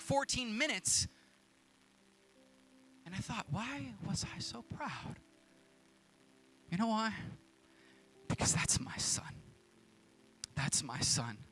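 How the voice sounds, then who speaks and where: A man in his thirties preaching a sermon in a church, telling a story in an animated, casual way. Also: extremely high pitch. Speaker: pastor.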